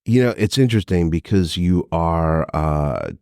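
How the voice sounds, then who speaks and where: A man's voice: low-pitched, animated, unhurried, a little mellow, smooth, dry recording, studio quality. A man hosting a podcast, asking questions and reflecting back on what his guest says in a curious, thoughtful way. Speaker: podcast host, counselor. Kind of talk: conversational interview.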